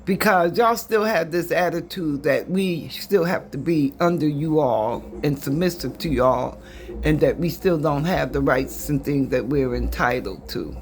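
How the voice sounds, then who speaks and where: Man in halting casual commentary. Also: a little high, slight background noise. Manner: halting, with fillers and restarts. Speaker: commentator reacting to clips.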